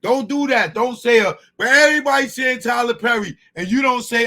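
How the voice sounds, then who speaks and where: A man with a high, light voice hosts a casual commentary. He is animated and dismissive and talks in loose street slang. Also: brisk. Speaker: host.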